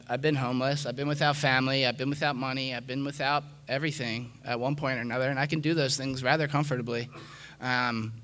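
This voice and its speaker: A man's voice: mid-range voice, bright, forceful tone. A man telling his recovery story in a frank, self-mocking way, often dropping "man" and restarting his sentences. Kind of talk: candid personal testimony.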